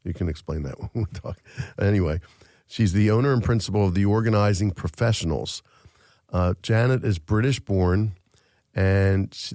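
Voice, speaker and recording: A man hosts an interview show from a studio. His voice is low and mellow, and he chats casually, joking and padding with fillers. The recording is dry and close. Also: no echo. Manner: chatty, filler-heavy, joking. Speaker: podcast host.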